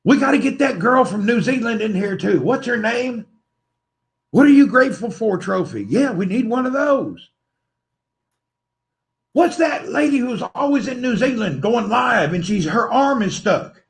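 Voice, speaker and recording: A man's voice: very high voice, expressive, a little slow. A man hosting a livestream, rambling playfully and teasing his viewers, laughing often. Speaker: livestream host. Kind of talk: rambling joking livestream chat.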